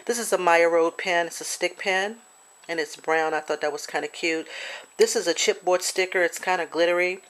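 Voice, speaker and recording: Chatty woman with a low voice, showing crafts. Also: steady tone, normal speed, fairly bright tone. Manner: chatty, hesitant, with many fillers and restarts; gets emotional and apologetic. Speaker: crafter showing a swap project. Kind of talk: casual show-and-tell craft video.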